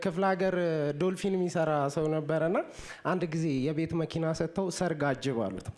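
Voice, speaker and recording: A man's voice: a little high, rapid-fire, darkish tone. A man opening a stand-up comedy set, chatty and teasing the host, dropping English phrases into his talk.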